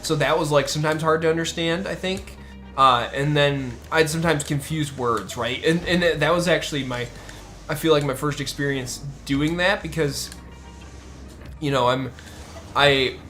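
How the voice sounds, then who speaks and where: A man's voice: fairly high pitch, moderate pace, bright, forceful tone, soft background music. A man from the United States chatting casually on a stream, rambling and restarting often. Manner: rambling, with many fillers and restarts. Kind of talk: casual chat.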